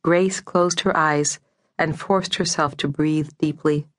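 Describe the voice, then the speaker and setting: A woman narrating a historical novel audiobook in a measured, deliberate studio reading. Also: sits low, steady tone, dry recording. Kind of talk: scripted narration. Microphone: close studio mic.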